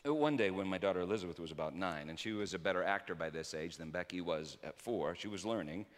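A man preaching a sermon through personal stories, swinging between loud emphasis and hushed quiet. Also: sits low, fast talker. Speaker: pastor. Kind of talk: storytelling sermon. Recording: reverberant hall.

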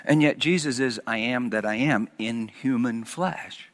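A man preaching a sermon, swinging from loud emphatic peaks down to hushed, almost whispered lines. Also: medium pitch, unhurried, big-room sound.

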